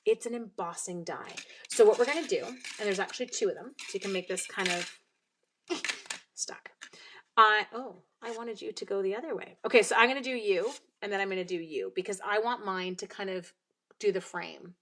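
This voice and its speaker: A woman's voice: medium pitch, moderate pace, fairly bright tone. A woman chatting bubbly and casual through a live card-making demonstration from her home craft room. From Canada. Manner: chatty and bubbly, greets viewers. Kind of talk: live-stream crafting demo.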